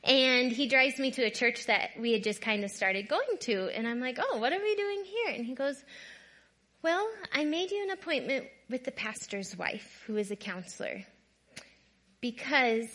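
A woman giving a candid personal testimony talk, conversational and often checking in with "right?", moving between soft, quiet passages and louder bursts. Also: a little high, a little slow. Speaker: guest speaker.

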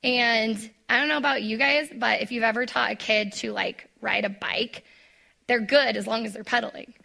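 A woman teaches a Bible story to her women's group in a loose, chatty way, full of "like" and acted-out quotes. Her voice sits a little high and sounds bright, with a gravelly edge. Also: fairly even intonation, moderate pace. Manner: chatty, lots of "like", acts out quotes; talks to the audience directly. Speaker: women's Bible study leader. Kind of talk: casual devotional teaching.

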